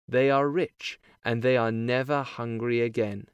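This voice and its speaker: Male narrator for easy-reader storybook, slow deliberate delivery, middle pitch, dry recording. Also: fairly even intonation, clean tone, no room sound, highs cut off. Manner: slow, plain, careful reading. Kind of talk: simple storybook narration for learners.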